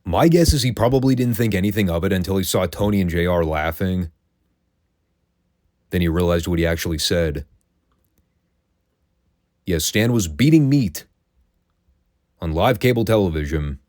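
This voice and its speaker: A man's voice: low voice, lively intonation, normal speed, long pauses, darkish tone, dry recording, studio quality. A man hosting a casual solo recap show, telling the story in a chatty, wry, opinionated way. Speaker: wrestling recap host.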